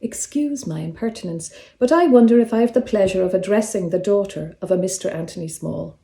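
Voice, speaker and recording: A woman voicing a scrawny, excitable male solicitor who talks with fussy, overly polite formality. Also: medium pitch, a little fast, gravelly, natural voice. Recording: roomy echo.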